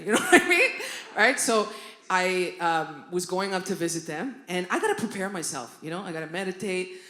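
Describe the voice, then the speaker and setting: A woman's voice: fairly low pitch, brisk. A woman doing a stand-up comedy set in a live theatre, telling brash, profane stories and acting out the people in them. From Canada. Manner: brash, profane, animated storytelling with acted-out quotes. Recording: echoey theatre with audience laughter.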